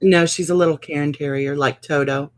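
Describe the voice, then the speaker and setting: A woman in casual conversation, relaxed and reassuring. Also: low-pitched, moderate pace. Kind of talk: casual chat.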